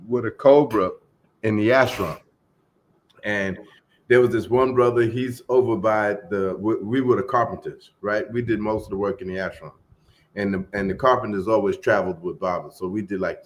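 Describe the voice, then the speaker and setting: A middle-aged man telling a long story as a podcast guest in a relaxed, casual way, trailing off into fillers and acting out the voices of the people in it. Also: on the low side, moderate pace, a little hiss or hum. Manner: laid-back, acts out quoted voices, trails off into fillers.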